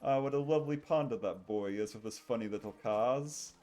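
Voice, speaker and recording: A male streamer hams up a fake British accent, playing a jolly, exaggeratedly tipsy bloke as he jokes around during a game and laughs often in a jovial mood. His voice is medium-pitched, a little fast and dark in tone, close to an everyday voice, with soft music in the background.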